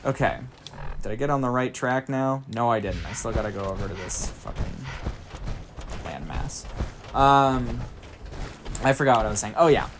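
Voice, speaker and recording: A man streaming a video game, chatting casually and thinking aloud as he plays, excitable and quick to swear. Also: mid-range voice, noisy background. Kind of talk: casual let's-play commentary.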